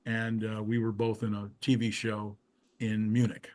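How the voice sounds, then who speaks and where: A man's voice: on the low side, completely flat delivery, measured pace, darkish tone. Older man telling rambling stories. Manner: rambling, with frequent restarts and asides. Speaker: musician guest. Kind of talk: casual storytelling interview.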